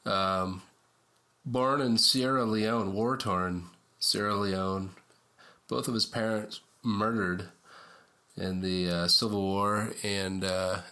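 A man co-hosting a casual sports talk show, his voice low-pitched with a bright, forceful edge. He breaks down the game in a chatty, analytical, easygoing way. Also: fairly even intonation, slow pace. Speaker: sports podcast co-host.

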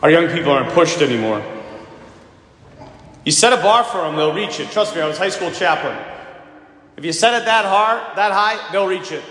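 A priest giving an emphatic sermon, telling stories and asking rhetorical questions in a church. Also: male voice, on the high side, expressive, normal speed, long pauses, a bit bright. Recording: echoey church with long reverb.

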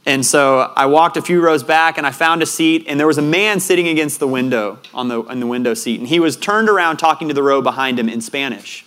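A man preaching a sermon, telling a personal story in an earnest way and growing quiet and soft at tender moments. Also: fairly high pitch, fairly quick, few pauses, clear, resonant tone.

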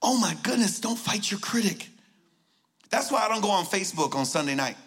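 A man preaching a lively sermon as a guest speaker, joking and shouting his points. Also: high voice, brisk. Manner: excitable, joking, shouts for emphasis.

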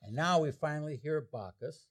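A man lecturing on an opera, retelling its plot in an animated storytelling way. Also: a little high, a little fast, loud music behind the voice. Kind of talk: explaining an opera to an audience.

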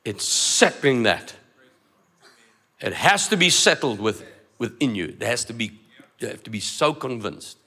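A man's voice: mid-range voice, sing-song, a little slow, vocal fry, long pauses, pushed and bright, husky. A man preaching a sermon, emphatic, repeating phrases and acting out dialogue. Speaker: pastor.

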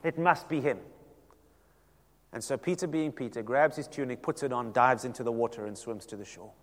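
A man, preaching a sermon as pastor and telling the story dramatically, shifting between loud and hushed passages. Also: mid-range voice, moderate pace, big-room sound.

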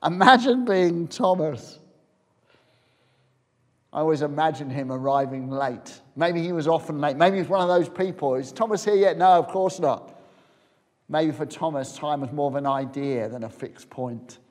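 A man preaching a sermon, retelling a story as if picturing it, dropping to a hush and then rising again. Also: fairly high pitch, normal speed, long reverb tail. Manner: storytelling, imagining scenes aloud, swinging from loud to hushed.

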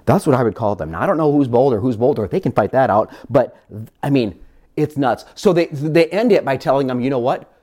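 Preacher, sermon, animated pitch swings, mellow tone, rhetorical questions, repeated words. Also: a little fast. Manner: repeats words while building a point. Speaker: pastor.

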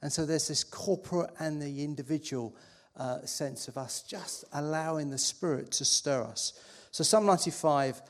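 A man preaching to a congregation in an unhurried, reflective way, often restarting his sentences. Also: fairly high pitch. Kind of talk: sermon introduction.

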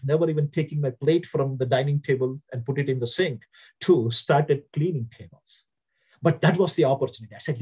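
Husky man with an Indian accent. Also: a little high, darkish tone. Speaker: interview guest. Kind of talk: reflective storytelling in an interview.

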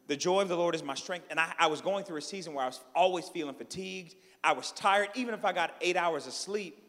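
A man in his thirties preaching a sermon, telling family stories with lively swings from loud to hushed. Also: a little high. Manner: animated storytelling, dropping to a hush for quiet lines. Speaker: pastor. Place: church hall. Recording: long hall reverb.

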